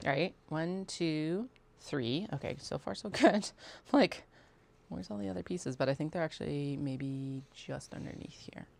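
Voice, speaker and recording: Casual craft streamer, a woman with a low, gravelly voice, muttering and narrating her sewing steps. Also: unhurried, a little mellow. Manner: chatty, talks herself through steps, mutters and swears casually. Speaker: sewing livestream host. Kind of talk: casual chat while sewing.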